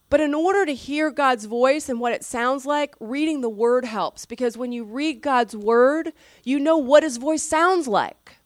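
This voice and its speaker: A woman pastor preaching in a chatty, earnest manner, her voice sitting a little high for a woman. She often sinks to a soft, hushed tone. The sound is dry and close. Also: no echo. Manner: conversational and earnest, often dropping soft and quiet. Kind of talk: sermon.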